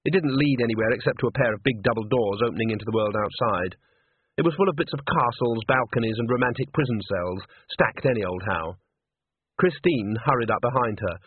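Husky man narrating, tinny phone sound. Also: medium pitch, brisk. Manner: lively, expressive reading. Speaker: audiobook narrator. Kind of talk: scripted narration.

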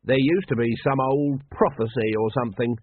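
A plodding, earnest cult member, as a man plays him, slow-witted and sincere. The voice is husky and the recording is dry and tinny. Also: mid-range voice, no room sound, lightly acted. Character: simple-minded male cult member. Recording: dry, tinny, phone-like sound.

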